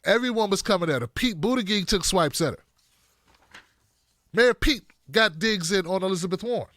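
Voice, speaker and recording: A man hosting a livestream of political commentary, animated and talking straight to his viewers, sometimes putting on mocking voices. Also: high voice, moderate pace, no room sound.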